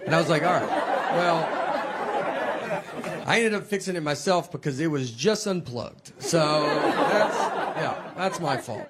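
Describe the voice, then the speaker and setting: A man in his forties tells stand-up stories in a dry, deadpan drawl, his voice sitting a little high for a man. He is recorded live, with the audience laughing loudly and steady noise under his words. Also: unhurried, a loud crowd. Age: 40s. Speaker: stand-up comedian. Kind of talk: stand-up comedy.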